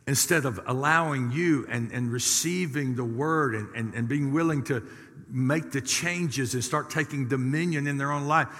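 A middle-aged man, preaching a sermon as a pastor, lively and folksy, with sudden loud rises. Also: mid-range voice, moderate pace. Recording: reverberant church hall.

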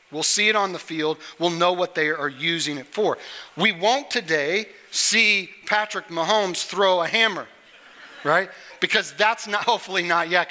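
A man's voice: high-pitched, bright, forceful tone, big-room sound. A middle-aged man preaching a sermon from a church stage, talking conversationally and joking with the congregation. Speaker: pastor.

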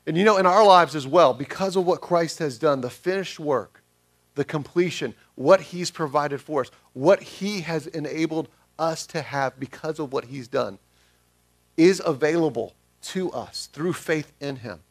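A man's voice: a little high, unhurried, breathy edge. A male pastor giving a sermon in a conversational way, asking the congregation questions.

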